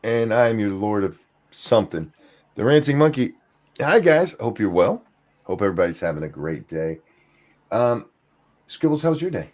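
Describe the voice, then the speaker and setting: An older man hosting a casual podcast chat, relaxed and rambling with fillers. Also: fairly low pitch, normal speed, pauses often. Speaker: host.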